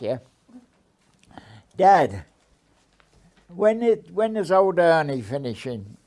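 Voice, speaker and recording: A man's voice: on the high side, darkish tone. An older man, recounting his past in an oral history interview and acting out old conversations. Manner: unhurried, repeats himself, acts out old conversations.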